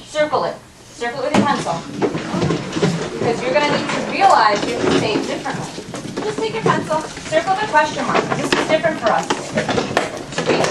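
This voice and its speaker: A woman's voice: sits high, expressive, fairly quick. A woman teaching a first grade class, patient and coaxing, modeling reading word by word. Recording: roomy classroom audio from a distance, with background noise.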